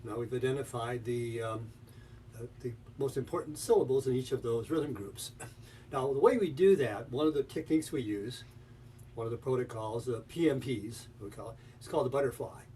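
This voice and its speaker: A man's voice: mid-range voice, moderate pace, warm tone, distant mic, slight background noise. A man giving a webinar demonstration of pronunciation teaching, breaking up his talk with rhythmic chanted example sentences.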